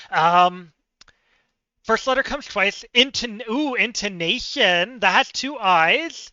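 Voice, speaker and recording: Bright, sharp-voiced man puzzling aloud. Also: high voice, expressive, slow pace, no room sound, dull audio. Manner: thinks aloud, chatty with viewers, self-mocking. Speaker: streamer. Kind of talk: live-stream word game commentary.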